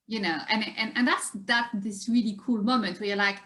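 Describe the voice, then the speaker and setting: Brief: woman guest, chatty storyteller, mid-pitched, laughs easily. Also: steady tone, a little fast, sharp tone. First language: French. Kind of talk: casual conversation.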